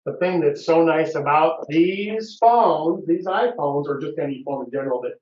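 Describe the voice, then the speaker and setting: A man's voice: a little high, moderate pace, darkish tone. A man presenting his photos and explaining camera technique in a casual club discussion, patient but persistent. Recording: roomy, muffled meeting recording.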